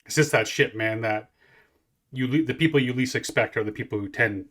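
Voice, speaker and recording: A man's voice: medium pitch, a little fast, fairly bright tone. A man in his forties hosting a music reaction, rambling casually with lots of swearing and restarts. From Canada. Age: 40s. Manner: rambling, profane, many restarts.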